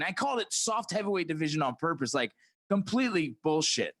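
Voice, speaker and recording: A man's voice: on the high side, big pitch swings, fairly quick, a bit bright. A man hosting a casual chat, talking loosely and swearing, often saying bro and dude. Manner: loose, profane, calls people bro and dude. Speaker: host.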